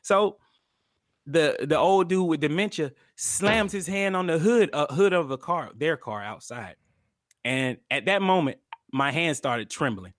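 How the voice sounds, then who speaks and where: A young man co-hosting a podcast, telling a heated story in casual, profane chat and loudly acting out what people said. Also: on the high side, unhurried, no echo, clean studio sound. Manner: animated, profane, acts out quotes loudly. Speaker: podcast co-host.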